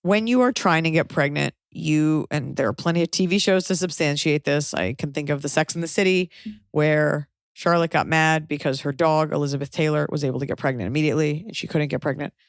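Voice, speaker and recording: A woman's voice: low voice, a little fast, no echo, clean studio sound. A woman podcast host giving blunt, frank advice in casual chat, swearing freely and acting out quoted people. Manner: blunt, swears, animated quoting.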